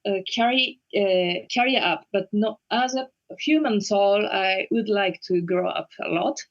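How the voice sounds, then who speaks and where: Slow, hesitant Japanese-native woman. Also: mid-range voice, highs cut off. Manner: slow and hesitant, frequent fillers and restarts. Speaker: interview guest, conductor. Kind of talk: casual interview conversation.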